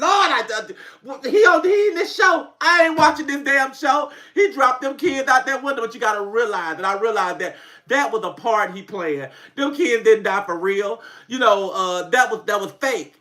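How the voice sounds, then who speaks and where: A man who makes comedy skits, chatting casually on a livestream as an animated, laughing storyteller who swears freely. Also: high voice. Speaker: comedy skit creator hosting a livestream.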